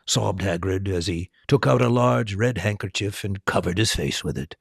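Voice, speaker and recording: A man reading a storybook aloud as host, slow and expressive. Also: sits low, creaky, slightly rough, no room sound, clean studio sound.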